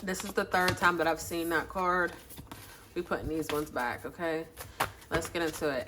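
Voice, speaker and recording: A woman with a somewhat low voice talks through a casual tarot reading in a loose, slangy, chatty way, swearing freely and speaking bluntly. She records on a phone, and clear background noise with clicking sounds runs under her voice. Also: steady tone, normal speed. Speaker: tarot reader. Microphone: phone, face off camera.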